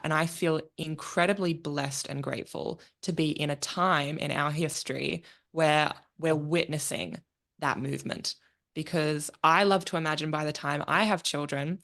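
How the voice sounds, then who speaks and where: A woman's voice: low-pitched, steady tone, unhurried, creaky, fairly bright tone. A young woman hosting a podcast, chatting candidly and reflectively, laughing easily. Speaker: podcast host. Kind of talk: casual interview chat.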